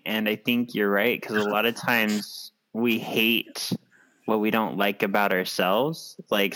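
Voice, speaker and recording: A man co-hosting a movie podcast, calmly explaining his opinions in casual chat. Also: fairly low pitch. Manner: thoughtful, explains his views with many "like"s. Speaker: podcast co-host.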